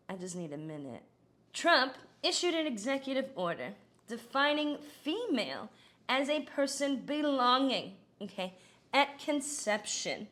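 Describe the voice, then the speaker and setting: In a bit bright, slightly high voice, a woman does an impression of a middle-aged female politician as a satirical news anchor. She cackles with laughter between her crude punchlines.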